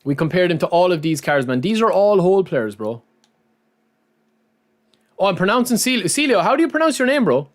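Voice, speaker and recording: A man's voice: high-pitched, very animated, moderate pace, long pauses. A man live-streaming, chatting casually to his viewers and often calling them lads and man.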